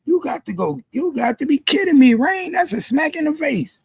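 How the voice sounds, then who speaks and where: A man doing heated livestream commentary, repeating himself in disbelief and often shouting. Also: very high-pitched, very animated, moderate pace, gravelly, no echo. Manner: repetitive, incredulous, frequently shouting. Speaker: commentary streamer.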